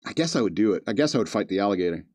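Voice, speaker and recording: A man's voice: lowish voice, expressive, very fast, a little mellow, dry recording, studio quality. A man hosting a podcast, reading news stories aloud with joking asides and frequent chuckles. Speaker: podcast host. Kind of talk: casual comedic commentary.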